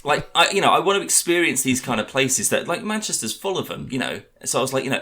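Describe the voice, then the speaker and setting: A man co-hosting a podcast in casual chat, an animated storyteller who acts out the people he quotes and swears freely. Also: medium pitch, fast, few pauses. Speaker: podcast co-host.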